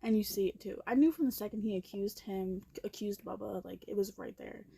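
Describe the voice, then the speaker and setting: A young woman casually recapping a movie while she watches it at her computer, blunt and profane, with animated reactions and quiet asides. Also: medium pitch, fairly quick, creaky, breathy edge.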